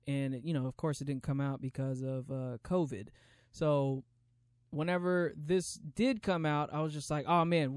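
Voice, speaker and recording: A man's voice: on the high side, darkish tone, smooth, no echo, studio quality. A man hosting a solo podcast, reviewing movies in a casual, rambling way with lots of restarts and slang. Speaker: podcast host.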